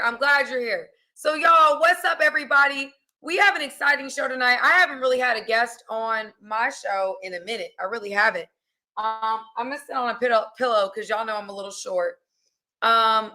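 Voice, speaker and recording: A young American woman is hosting a casual livestream. Her voice sits a little high and has a bright, forward edge. She talks in a lively, chatty way and calls her viewers y'all. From United States. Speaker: host.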